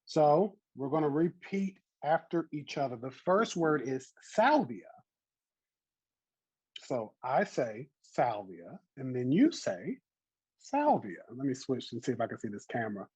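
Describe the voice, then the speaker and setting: A man's voice: mid-range voice, animated, normal speed, few pauses, darkish tone, breathy edge, dry recording, lo-fi sound. A man in his thirties with a Southern US accent, teaching an online botany class in a chatty, encouraging way over a video call. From American South.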